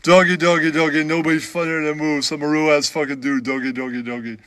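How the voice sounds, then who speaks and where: A man's voice: medium pitch, steady tone, a little fast, pushed and bright, no echo, lightly acted. A man voicing a cocky, crude male comic who taunts others with a chanted refrain. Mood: taunting. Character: brash cocky male comic, trash-talking.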